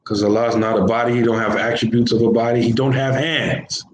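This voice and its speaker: A man teaches Islam informally, his mid-range voice flat and a little fast. He talks in everyday slang and keeps repeating his phrases, and the room is echoey with a faint background hiss.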